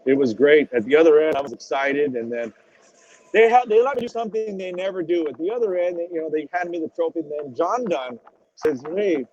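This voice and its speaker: A retired drag racing driver, appearing as a podcast guest, tells stories in a casual interview, animated, swearing freely and acting out quotes. His voice is slightly high-pitched and a little fast. The audio is dull, muffled and lo-fi, with slight background noise.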